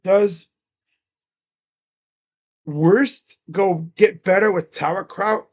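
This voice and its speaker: Slow-talking high-voiced man calling a game. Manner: casual, rambling between calls, louder and quicker on plays. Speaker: livestream sports commentator. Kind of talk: live reaction play-by-play.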